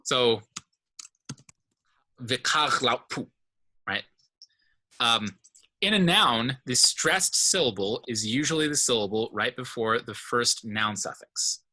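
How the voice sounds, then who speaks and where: A man's voice: mid-range voice, lively intonation, a little slow, sharp tone. A man teaching a language class, explaining step by step and often checking in with his students. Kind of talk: informal online class lesson.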